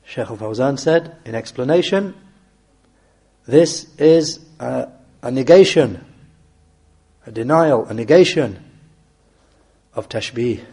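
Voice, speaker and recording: Gravelly, mellow male religious teacher. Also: mid-range voice, animated. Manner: measured and deliberate, reciting Arabic verses quickly then translating slowly. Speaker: Islamic teacher. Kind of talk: explaining a classical text in a lesson.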